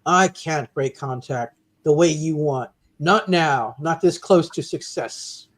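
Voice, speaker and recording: Man reading as a brooding young scientist. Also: a little high. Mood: determined. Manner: reading aloud, measured and dramatic. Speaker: comic reader.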